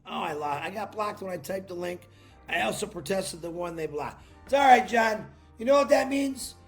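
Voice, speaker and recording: Speaking at a moderate pace into a laptop mic, a livestream host hypes his viewers with an excited, salesy pep talk punctuated by shouts. Faint music plays behind his very high, raspy voice as he welcomes chat members by name.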